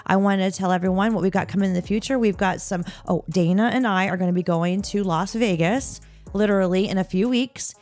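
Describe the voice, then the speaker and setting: A woman's voice: medium pitch, darkish tone. A woman hosting a podcast in casual chat, teasing her guest with bawdy jokes and ending with a chatty sign-off. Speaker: podcast host.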